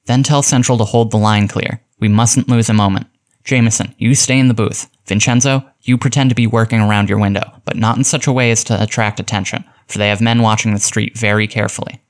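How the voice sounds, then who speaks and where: A man reading aloud and voicing a confident male criminologist who gives crisp, commanding orders. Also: lowish voice, fairly even intonation, a little fast, natural voice. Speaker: detective giving orders.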